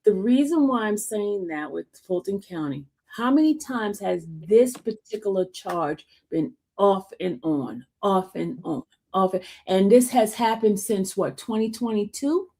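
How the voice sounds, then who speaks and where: A woman's voice: mid-range voice, expressive, measured pace, hardly any pauses, warm tone. A middle-aged woman in a casual debate who talks emphatically and stammers a repeated "I" before making her points.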